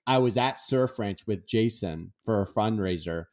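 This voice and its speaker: A man's voice: lowish voice, moderate pace. A man, a guest author, telling stories in an interview and acting out the dialogue. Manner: animated, acts out dialogue. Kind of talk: storytelling in an interview.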